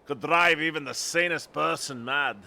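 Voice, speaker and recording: Man voicing a wary old Scottish lighthouse keeper for a video game, rough brogue, sharp forceful tone. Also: a little high, normal speed, heavily acted. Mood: ominous. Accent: put-on Scottish.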